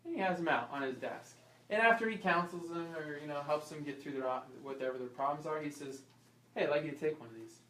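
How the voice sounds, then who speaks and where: A chiropractor teaching an informal health class, quizzing the audience and acting out small scenes. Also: male voice, a little high, fast. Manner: lively, asks the audience questions and acts out little scenes. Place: class room. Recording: echoey room, voice from far off.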